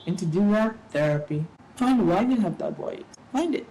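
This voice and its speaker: Lively middle-aged woman giving advice. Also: medium pitch, moderate pace, a little hiss or hum, poor audio. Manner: animated, preachy advice with playful asides. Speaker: guest. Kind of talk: casual interview talk.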